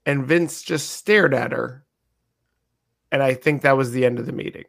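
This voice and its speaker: A man's voice: medium pitch, normal speed, vocal fry, fairly bright tone. A man co-hosting a podcast, chatting casually about wrestling news, laughing and joking as he asks long rambling questions. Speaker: podcast co-host. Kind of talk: casual chat.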